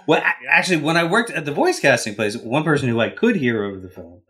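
A man's voice: fairly high pitch, animated, fast, fairly bright tone, slight background noise. A man co-hosting a casual podcast, talking chattily with lots of "like" and "uh". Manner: chatty, peppered with "like" and "uh". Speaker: podcast co-host. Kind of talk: casual chat among improvisers.

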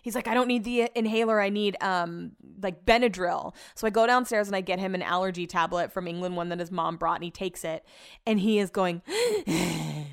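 A woman's voice: fairly low pitch, steady tone, brisk, smooth. A young woman casually telling viewers a funny story, chatty, laughing often and swearing freely. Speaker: vlogger.

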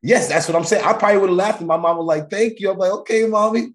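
A man's voice: high voice, fast. A man co-hosting a podcast, rambling and storytelling with profanity. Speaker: podcast co-host. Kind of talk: casual banter.

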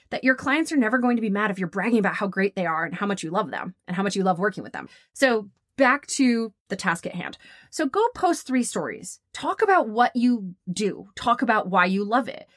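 A chatty, upbeat woman in her thirties talks straight to the listener and coaches photographers in a casual monologue. Her voice sits at a middle pitch, and the recording is dry, with no room sound. She acts out quoted conversations with lively jumps in pitch. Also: dry recording. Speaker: podcast host and photography coach.

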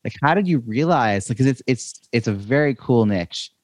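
A man's voice: medium pitch, expressive, moderate pace, no echo. A man hosting an interview, asking long, winding questions full of "you know" and "like". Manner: rambling, long questions full of fillers and restarts. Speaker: podcast host.

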